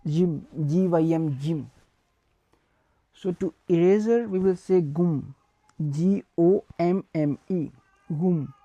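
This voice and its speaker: Slow, mellow-voiced woman teaching a beginner lesson. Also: fairly low pitch, no room sound. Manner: slow, repeats words and spells them letter by letter. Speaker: language teacher.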